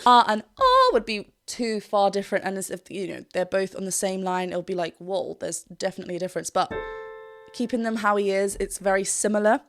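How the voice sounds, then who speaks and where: A woman's voice: mid-range voice, animated, brisk, fairly bright tone. A woman with a British accent, a vocal coach chatting enthusiastically while analysing a singer and sometimes singing a phrase. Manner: enthusiastic and chatty, often sings short phrases to demonstrate. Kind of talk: reaction video with vocal analysis. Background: faint music from the video being reacted to.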